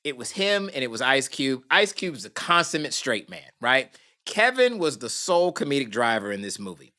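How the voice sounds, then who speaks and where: A man's voice: mid-range voice, normal speed. A man, a guest on a podcast, telling a story with drama and acting out the people in it. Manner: lively, dramatic, acts out the people in his story. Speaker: podcast guest, film producer. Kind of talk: animated storytelling.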